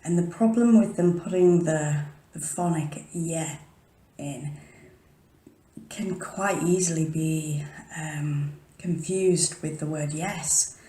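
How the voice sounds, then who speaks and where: Speaking slowly in a low, mellow voice, the woman rambles chattily to her camera from a room at home in the early morning. Slight background noise and echo surround the paranormal vlogger as she whispers often and breaks off her own sentences.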